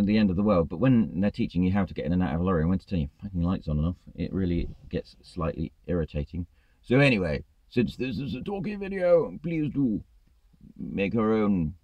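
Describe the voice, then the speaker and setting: A man's voice: deep voice, no echo, muffled recording. A man, a truck driver, ranting in a vlog, exasperated and swearing freely.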